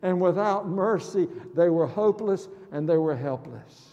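A man preaching a sermon in a dramatic, emphatic way, slowing down on key words and breaking into sudden loud exclamations. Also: high voice, expressive, lo-fi sound. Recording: long reverb of a large hall.

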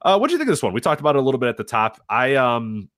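A man's voice: mid-range voice, very animated, racing, fairly bright tone, no echo, clean studio sound. A man co-hosting a wrestling podcast, ranting casually and profanely, slipping into mocking quoted voices. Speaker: podcast co-host. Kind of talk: casual wrestling review chat.

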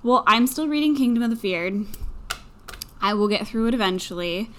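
A woman co-hosting a casual book podcast who talks in an animated way, laughs often and swears casually. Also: a little high, normal speed. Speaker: podcast co-host. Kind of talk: casual chat.

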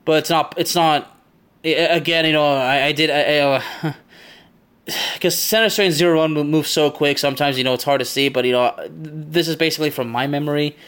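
A man's voice: a little high, fairly even intonation, brisk, fairly bright tone, smooth. A man hosting a podcast, recapping a video game mission from memory in a rambling, chatty way and laughing often. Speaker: podcast host.

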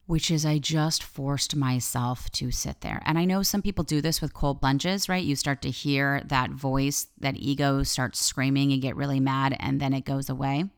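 Low-voiced woman with some gravel, podcast host rambling candidly, swears a lot, goes off on tangents. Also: steady tone, moderate pace, few pauses, no room sound, studio quality. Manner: chatty and candid, swears freely; wandering off on tangents. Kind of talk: casual solo podcast monologue.

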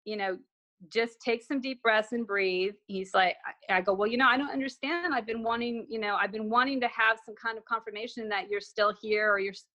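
A woman's voice: medium pitch, fairly even intonation, brisk, pushed and bright. A woman guest telling a personal story in conversation, acting out remembered dialogue with frequent restarts.

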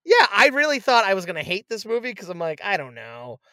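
A man in casual chat, retelling a movie with lively acted-out quotes and frequent swearing. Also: high-pitched, fast, smooth, no echo. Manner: animated storyteller, acts out quotes, swears freely. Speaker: podcast co-host reviewing a movie.

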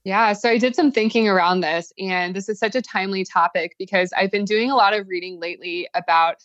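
A woman appearing as a podcast guest, explaining her ideas in long, measured, thoughtful answers. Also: medium pitch, fairly bright tone, no echo, dull audio.

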